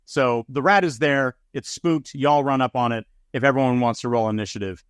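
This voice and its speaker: A game master runs a tabletop game for a podcast in a laid-back, easygoing manner, chuckling and tripping over his words with many fillers and restarts as he narrates. His medium-pitched voice is smooth and clear at a moderate pace, recorded close and dry with no echo.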